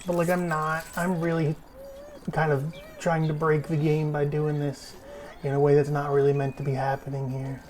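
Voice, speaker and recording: A man giving casual gameplay commentary as a streamer. He chats freely, swears often and breaks into sudden loud exclamations. He talks while sitting in a desk chair at home. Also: a little high, little pitch movement, moderate pace, a little hiss or hum. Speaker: gaming streamer.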